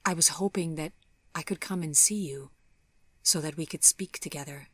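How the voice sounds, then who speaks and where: A woman voicing a young man who speaks gently and hesitantly, apologizing. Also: sits low, normal speed, breathy edge, dry recording. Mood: gentle. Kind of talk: audiobook character voice.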